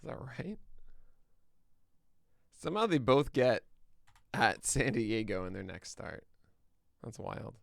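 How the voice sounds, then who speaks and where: Man, podcast host, casual livestream chatter, mumbling asides, gravelly fry, dry close sound. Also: medium pitch, very animated, no room sound. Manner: thinking aloud, mumbling asides, quick laughs. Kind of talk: casual livestream chat before a show.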